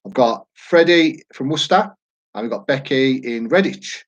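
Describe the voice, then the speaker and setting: A man's voice: mid-range voice, lively intonation, moderate pace, lo-fi sound. Man, thirties, easygoing online quiz host, rambles and jokes. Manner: chatty, jokey, rambling asides. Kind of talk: casual live-stream chat.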